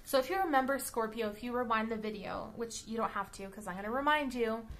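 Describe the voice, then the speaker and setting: A woman's voice: a little high, quick pace, fairly bright tone, a little hiss or hum. A woman giving a casual tarot card reading, chatty and blunt, who keeps checking in with "okay?" and "all right?". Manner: blunt, with the odd swear word. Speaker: tarot reader.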